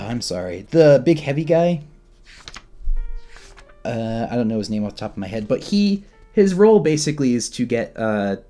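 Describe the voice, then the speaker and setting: A man's voice: medium pitch, darkish tone. A man giving an informal, rambling comic book review, laughing often and poking fun at himself. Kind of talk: informal discussion to camera.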